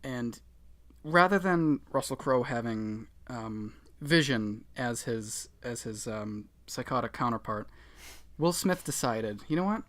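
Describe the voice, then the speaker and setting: Bright-voiced sarcastic man. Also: mid-range voice, slow. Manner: sarcastic, animated, swears freely. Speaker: podcast co-host. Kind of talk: casual movie-review chat.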